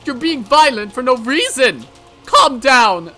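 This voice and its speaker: A man voicing panicking clinic staff who shout urgent orders. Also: extremely high pitch, big pitch swings, a little slow, soft background music, voice pushed up, full character voice. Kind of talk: visual novel voice acting.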